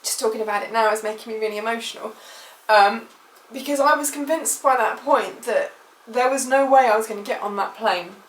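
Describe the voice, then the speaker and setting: Her pitch fairly high, this British woman talks briskly with few pauses in an emotional, rambling storytime vlog full of fillers. The sound is roomy and off-mic, echoing as if the microphone sits far away.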